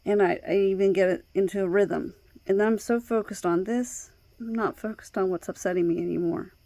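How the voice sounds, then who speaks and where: A woman vlogging in casual personal talk, hesitant, with many pauses, fillers and restarts. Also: medium pitch, steady tone, mellow, no echo. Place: outdoors at night by her door.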